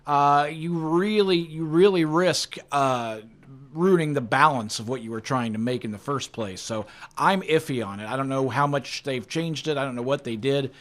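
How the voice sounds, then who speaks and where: A man co-hosting a podcast, chatting casually in an animated, argumentative way. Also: medium pitch. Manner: animated, argumentative, quick to laugh. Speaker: podcast co-host. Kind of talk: casual chat.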